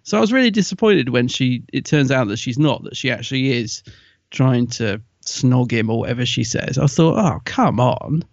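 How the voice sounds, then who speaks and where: A man co-hosting a podcast, animated in casual chat. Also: mid-range voice, creaky, no room sound, lo-fi sound. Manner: animated, quick to laugh. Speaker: podcast co-host.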